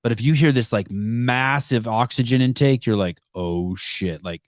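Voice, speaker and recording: A man's voice: medium pitch, moderate pace, no echo, studio quality. A man hosting a casual call-in podcast, rambling through stories with loose, profane talk and easy laughter. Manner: laughs easily. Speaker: podcast host.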